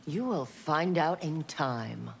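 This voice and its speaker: A woman's voice: low-pitched, animated, slow pace, gravelly, heavy background noise, heavily acted. A woman voicing a cool, confident female cyborg commander with a Nigerian accent, speaking in cryptic hints.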